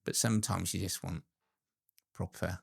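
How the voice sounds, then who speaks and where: A man's voice: deep voice, little pitch movement, moderate pace, vocal fry, slightly rough. A man hosting a podcast, chatting casually and teasing his guest. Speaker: podcast host. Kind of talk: casual chat.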